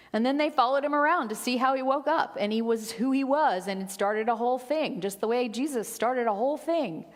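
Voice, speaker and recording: A middle-aged woman minister giving a sermon, expressive, rising for quotes and dropping to a near whisper. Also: medium pitch. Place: church sanctuary. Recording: long hall reverb.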